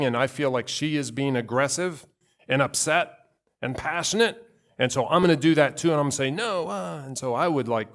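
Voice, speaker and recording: A male pastor giving a conversational sermon, telling personal stories with asides and acting out quoted voices. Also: mid-range voice.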